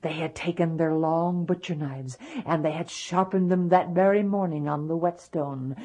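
A woman telling a folktale aloud, animated, with hushed, drawn-out endings. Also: deep voice. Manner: animated, dropping to hushed asides. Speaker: storyteller. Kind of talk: folktale storytelling.

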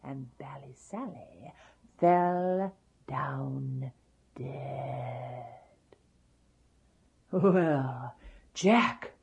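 Slow, husky woman telling a folk tale. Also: rumbling low, darkish tone, lo-fi sound. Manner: dramatic, folksy, dropping to whispers. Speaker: storyteller.

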